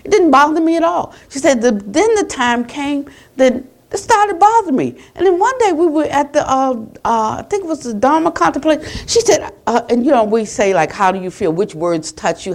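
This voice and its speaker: An American woman Buddhist teacher gives a conversational dharma talk at a retreat center, retelling conversations and finishing with a soft blessing. Her voice sits high with lively intonation, and she talks briskly with few pauses.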